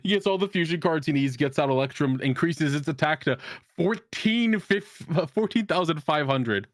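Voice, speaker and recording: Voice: mid-range voice, lively intonation, normal speed, dry recording, clean studio sound. A co-host in a casual group chat, ranting with heavy swearing. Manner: profane, ranting. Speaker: podcast co-host.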